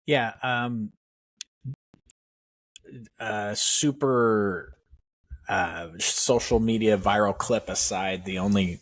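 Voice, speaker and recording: A man co-hosting a podcast who gives opinionated, wry sports takes in quick bursts of casual chat. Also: on the low side, dry recording. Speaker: podcast co-host.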